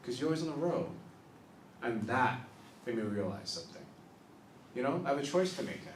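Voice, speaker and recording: A man in his thirties doing a stand-up set on a small club stage, telling confessional stories that swing from soft asides to loud punchlines. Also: mid-range voice, animated, a little fast, slight background noise. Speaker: stand-up comedian. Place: small improv club stage, live audience. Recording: roomy club sound from a distance.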